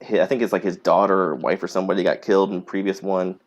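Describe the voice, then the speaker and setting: A man's voice: low-pitched, flat delivery, rapid-fire. A man co-hosting a comics podcast, chatting playfully with friends. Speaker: podcast co-host. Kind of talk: casual chat.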